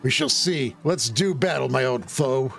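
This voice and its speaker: A man's voice: mid-range voice, a little slow, vocal fry, a bit bright, soft background music, pitched below the performer's own voice. A man voicing a smug old male fighter come out of retirement, delivering dry, sly lines. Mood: resolute.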